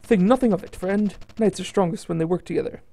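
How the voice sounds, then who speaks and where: A man's voice: high-pitched, fast, vocal fry, mellow. A man voicing an earnest, polite male knight hero who speaks formally.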